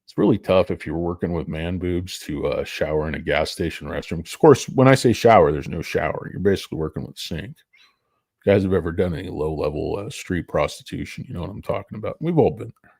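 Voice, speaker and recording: Deadpan low-voiced man joking about stocks. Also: fairly quick, gravelly, husky, no echo, clean studio sound. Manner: deadpan crude humor, bursts of high laughing excitement. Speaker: stock market streamer. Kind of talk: casual joking commentary.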